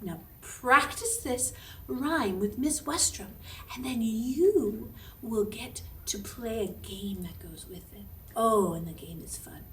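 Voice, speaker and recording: Music teacher lady reading a kids' story, high voice, slow and expressive, echoey room. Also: far from the mic, a little hiss or hum. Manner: animated, asks the listener questions. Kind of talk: storytelling lesson for children.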